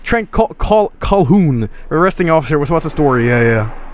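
A young man casually commenting while he plays a video game, excitable and often swearing. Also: a little high, normal speed, a little hiss or hum. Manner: excitable, swearing, laughing, reading game lines aloud. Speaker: streamer. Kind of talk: casual let's-play commentary.

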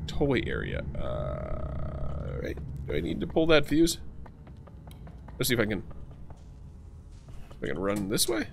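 Animated man narrating a horror game. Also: low voice, takes it slowly, creaky, long pauses, a little hiss or hum. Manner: chatty, jokey, swearing, talks to game characters. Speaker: gaming channel host. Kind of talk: casual let's play commentary.

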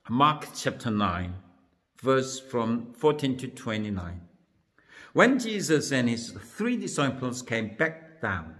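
A man's voice: mid-range voice, a bit bright, big-room sound. A man serving as minister, reading a Bible passage aloud and then retelling it in a sermon. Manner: slow, careful reading then plain retelling. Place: church.

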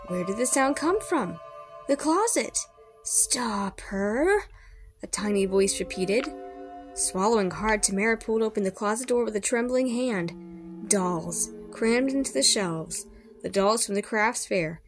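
A woman's voice: medium pitch, moderate pace, faint music behind. A woman reading a children's horror story aloud expressively, with small slips and rereads. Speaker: storybook reader.

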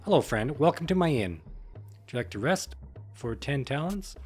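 A man's voice: mid-range voice, animated, normal speed, close to an everyday voice. Man reading friendly innkeeper, casual read, music behind. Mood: welcoming. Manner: reads game text aloud casually.

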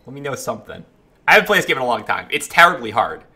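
Man, game streamer, lively pitch, bright forceful tone, faint game music behind. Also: very fast, husky. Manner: chatty, greets chatters, excitable outbursts. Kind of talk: casual live game stream chat.

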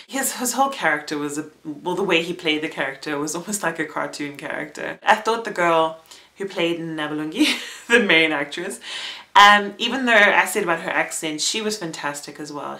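A woman's voice: lowish voice, bright, forceful tone. A young woman giving a casual spoken theatre review, chatty and breaking into small laughs as she talks. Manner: chatty, laughs often between words.

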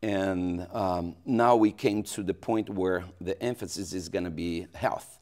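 Pastor, male, Brazilian Portuguese accent, very low voice, halting interview speech. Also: fairly even intonation, a little mellow. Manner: hesitant, many restarts and fillers. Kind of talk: local TV interview.

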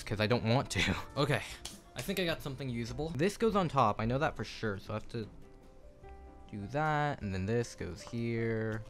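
A young man filming a casual vlog in his home kitchen on a phone, flustered and self-mocking as he swears through a build. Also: mid-range voice. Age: young adult. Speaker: YouTuber. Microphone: phone camera.

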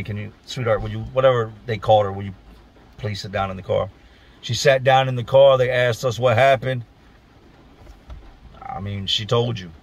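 A man from Virginia telling a personal story on his vlog in a blunt, emphatic, profane way. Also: medium pitch.

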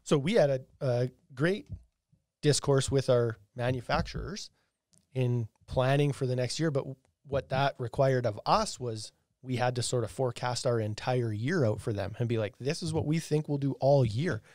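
A man's voice: medium pitch, normal speed, a little mellow, no echo, studio quality. A man co-hosting a podcast in easygoing conversation, often acting out what he would say to customers. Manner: conversational, acts out quoted dialogue. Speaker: podcast co-host. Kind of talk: casual podcast chat.

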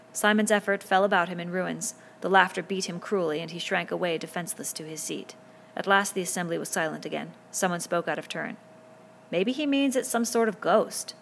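A woman narrating a novel aloud in a steady, measured reading voice. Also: on the low side, vocal fry, a little hiss or hum. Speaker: audiobook reader.

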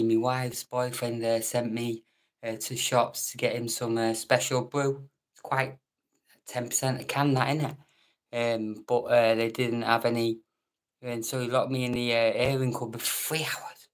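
British man, live stream chat host, flat monotone delivery, cheeky banter, occasional whispered asides. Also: medium pitch. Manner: joking banter, reading out viewer names, some whispered asides. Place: room at home at night.

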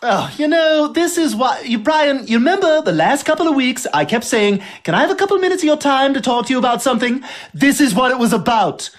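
A man voicing a haughty, precocious baby boy in a cartoon, precise and needling, leaning on his words with drawn-out emphasis. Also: very high voice, lively intonation. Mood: huffy. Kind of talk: cartoon voice acting.

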